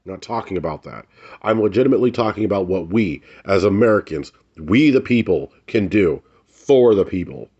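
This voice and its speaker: Angry, profane man ranting, low voice. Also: expressive, fairly quick, a little mellow, breathy edge, muffled recording. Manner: angry, blunt and profane, repeats phrases for emphasis. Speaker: vlogger. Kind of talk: heated ranting commentary to camera.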